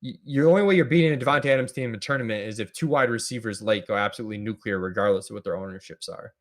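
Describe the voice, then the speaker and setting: A man's voice: fairly low pitch, rapid-fire. A man guesting on a casual podcast chat, explaining strategy in an analytical way with frequent restarts.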